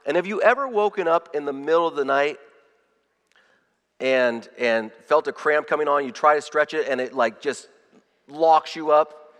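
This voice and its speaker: A man preaching a sermon, telling a personal story with animated swings from loud to hushed and frequent repeated words. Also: fairly high pitch, normal speed. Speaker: pastor. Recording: long reverb of a large hall.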